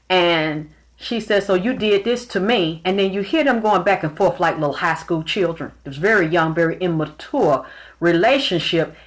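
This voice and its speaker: A woman giving a spiritual reading in a casual monologue, telling stories bluntly with plenty of profanity. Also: lowish voice. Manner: blunt, profane, animated storytelling. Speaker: spiritual reader.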